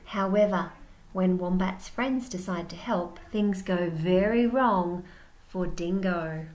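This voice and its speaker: A woman teacher reading a picture book aloud to children, gentle and expressive, asking questions as she goes. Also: lowish voice, takes it slowly. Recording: roomy echo, faint background hum.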